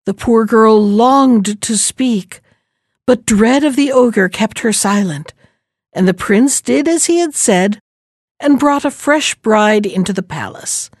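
A woman narrating an old fairy tale and giving each character a different pitch. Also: lively intonation, slow pace, dry recording, studio quality. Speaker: storyteller.

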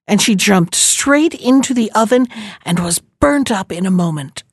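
A woman narrating an old fairy tale and giving each character a different pitch. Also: expressive, moderate pace, husky, no echo, studio quality. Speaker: storyteller.

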